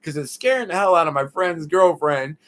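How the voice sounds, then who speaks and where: Animated, foul-mouthed American man. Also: fairly high pitch, fairly quick. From United States. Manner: animated, profane, lots of filler asides. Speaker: interview guest. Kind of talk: casual storytelling in an interview.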